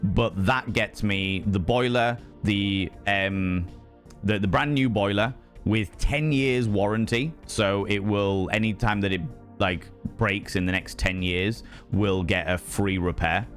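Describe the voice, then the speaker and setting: A young man with a British accent rambles to his stream chat, animated and a little sweary. His voice sits on the low side, with faint music playing in the background. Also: takes it slowly. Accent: British English. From United Kingdom. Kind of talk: casual chat with chat while gaming.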